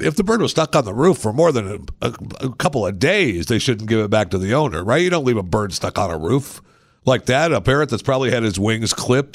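A man's voice: mid-range voice, no echo, studio quality. A man hosting a podcast, telling rambling, self-mocking anecdotes in a casual way. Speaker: podcast host. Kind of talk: casual storytelling.

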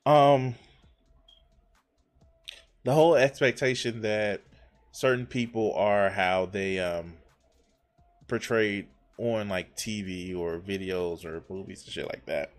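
A man's voice: fairly low pitch, steady tone, takes it slowly, pauses often. A man giving casual, blunt commentary while reacting to a podcast clip, with frequent swearing. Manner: blunt and profane.

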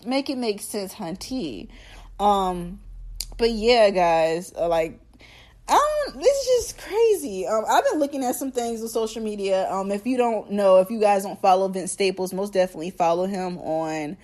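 A young woman hosts her own podcast, chatting straight to her listeners. She talks in a loose, slangy, animated way, with her pitch sitting in the middle of the usual range. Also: normal speed. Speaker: podcast host. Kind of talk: casual solo podcast chat.

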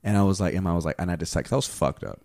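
A man's voice: deep voice, very fast, creaky, darkish tone, no echo, studio quality. A young man in his twenties telling a crude, rambling story full of "like" fillers in casual chat.

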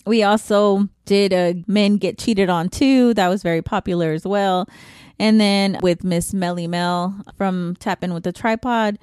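A woman's voice: medium pitch, steady tone, moderate pace, darkish tone, smooth, no echo. A middle-aged woman hosting her own podcast, talking candidly and emotionally in a casual, slangy way. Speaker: podcast host. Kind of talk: casual solo podcast talk.

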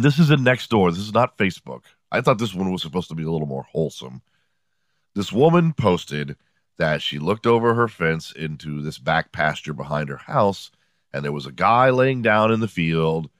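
Middle-aged male podcast host, low voice, dry close sound, sarcastic profane storyteller. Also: animated, moderate pace, no room sound. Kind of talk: casual comedic monologue. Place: home room.

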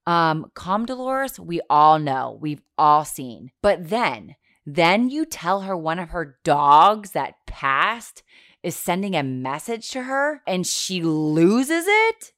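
A woman's voice: on the low side, big pitch swings, slow pace, a bit bright, no room sound, clean studio sound. A woman in her thirties hosting a podcast in casual chat, chatty and self-deprecating, swearing casually. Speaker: podcast host.

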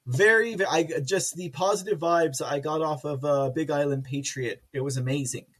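A man's voice: a little high, normal speed, a bit bright, slightly rough. A man from Texas hosting a livestream, chatting casually with viewers and reading their comments, giggly and rambling. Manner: giggly, rambling, self-mocking. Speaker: livestream host reading chat.

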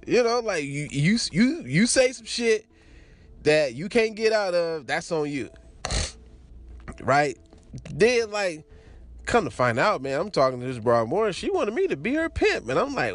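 A man's voice: high voice, very animated, normal speed, a bit bright, soft background music. A young adult man casually telling a crude personal story, laughing often and acting out the voices of the people in it.

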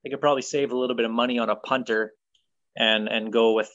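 A man leads a casual football talk segment, sliding between loose filler words and firm opinions. His voice sits at a middle pitch. The recording is close and dry, with a slightly dulled top end. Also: fast, no room sound, dull audio. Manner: relaxed, opinionated, many ums and uhs. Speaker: sports podcast host.

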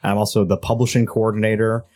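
A man's voice: fairly low pitch, level tone, fast, darkish tone. A young man from Canada in his twenties, a game designer guest, introducing himself hesitantly. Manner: hesitant, many ums.

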